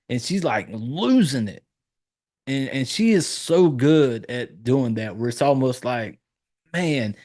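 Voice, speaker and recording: A man talking loosely and profanely about a film, his voice at an ordinary middle pitch. He keeps jumping up in pitch to act out lines from the movie. It sounds like casual podcast chat with a married guy. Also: animated, measured pace, a little mellow. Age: adult, married. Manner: loose, profane storytelling, acting out lines in a raised voice. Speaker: podcast host reviewing a horror film.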